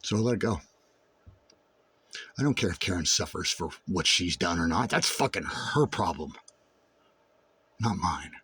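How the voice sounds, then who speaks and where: A man giving a raw personal monologue to camera, intense and full of swearing, dropping low and brooding, then rising to shouts. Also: lively intonation, unhurried, pauses often, a little hiss or hum. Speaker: vlogger.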